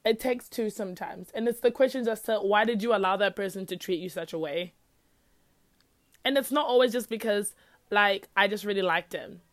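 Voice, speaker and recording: A woman's voice: mid-range voice, moderate pace, dry recording, studio quality. A young woman hosting a faith-based talk, speaking earnestly and firing off rhetorical questions in a casual teaching style. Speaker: podcast host.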